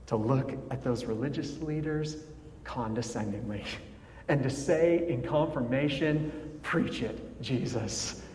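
Slow-speaking pastor in an echoing hall. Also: male voice, medium pitch, warm tone, slight background noise. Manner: measured with dramatic pauses and wry asides. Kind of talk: sermon. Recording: echoey hall with faint ambience.

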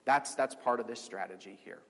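A man giving an informal Bible teaching to a group, animated and repeating words as he restarts phrases. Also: brisk, in a large hall. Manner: animated, restarts phrases, swoops high on emphasis.

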